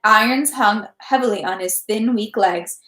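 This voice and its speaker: A woman reading a classic novel aloud at home, with steady narration and small self-corrections. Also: on the high side, normal speed. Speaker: reader. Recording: roomy echo.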